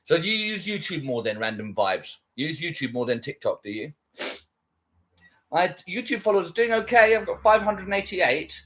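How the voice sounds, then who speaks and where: A man's voice: a little high, lively intonation, fairly quick, fairly bright tone. A man chatting casually on a livestream, rambling and swearing while he answers viewers. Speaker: livestream host.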